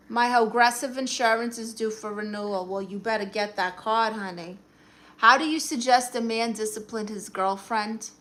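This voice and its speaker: A woman's voice: a little high, fairly even intonation, normal speed, fairly bright tone. A woman with a Brooklyn accent hosting a casual livestream, sassily answering viewers' comments and calling them honey. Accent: Brooklyn New York. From Brooklyn, New York. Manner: sassy, teasing, calls viewers honey. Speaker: livestream host giving advice.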